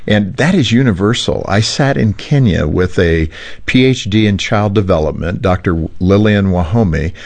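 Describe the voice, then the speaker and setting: A man's voice: lowish voice, normal speed, gravelly, a little mellow. A man hosting a radio talk show, talking in a conversational way and dropping in asides. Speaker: radio host.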